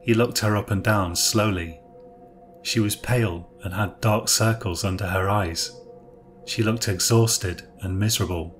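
Low-voiced man narrating a story. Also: fairly even intonation, unhurried, soft background music.

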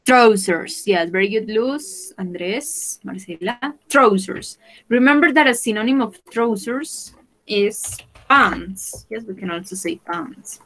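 A woman teaches English vocabulary over a video call, speaking very slowly and patiently. She repeats each word for her students and switches into Spanish to explain a point. Her voice sits at a medium pitch. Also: expressive, a bit bright, poor audio. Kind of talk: online class teaching vocabulary.

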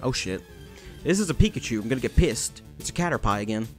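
A young man commentating his video game playthrough, rambling and cursing, shouting at the game now and then. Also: mid-range voice, big pitch swings, fast talker, faint music behind. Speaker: gaming channel host. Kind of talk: let's play commentary.

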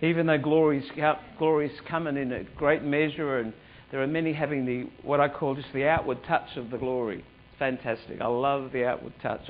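A man's voice: mid-range voice, muffled recording, a little hiss or hum. A man preaching a sermon as pastor in a church hall, fervent and full of prayerful interjections like hallelujah.

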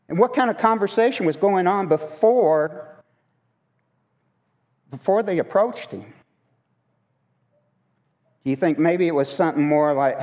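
Male preacher, slightly high pitch, conversational questioning sermon, long church reverb. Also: unhurried, pauses often, darkish tone. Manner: conversational, asks the congregation questions. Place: church sanctuary.

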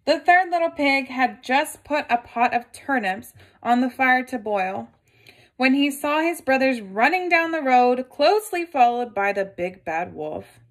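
A woman reading a picture book aloud to children, gently stopping to ask her listeners questions. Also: sits high, lively intonation, measured pace.

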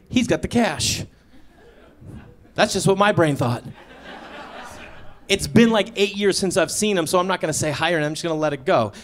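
A man doing stand-up comedy, telling a story on stage and acting out both sides of a shouted argument. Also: on the high side. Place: live comedy stage with audience laughter.

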